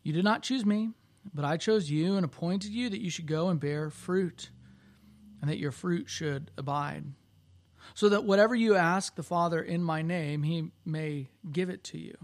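A man preaching a sermon as pastor, praying and telling a story in an animated, expressive way. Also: a little high, normal speed.

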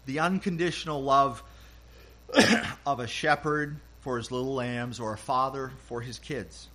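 An older man, a grandfather, giving a sermon as pastor, speaking gently and acting out short quoted lines. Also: mid-range voice. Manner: slow, gentle storytelling with quoted voices.

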